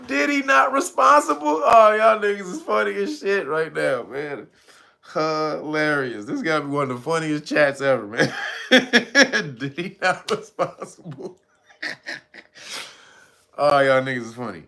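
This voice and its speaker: A man's voice: a little high, expressive, measured pace, creaky, bright, forceful tone. A livestream host reading out his chat, laughing constantly, loose and profane.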